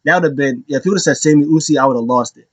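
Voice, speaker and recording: A man's voice: a little high, rapid-fire, no echo. A man casually recapping wrestling events in a rambling, amused way, often laughing as he retells them. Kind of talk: casual chat.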